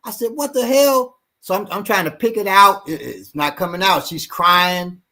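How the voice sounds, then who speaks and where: A man's voice: sits high, moderate pace, bright, forceful tone. A man co-hosting a casual podcast, rambling with repeated words, occasional swearing and easy laughs. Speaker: show co-host and self-defense trainer.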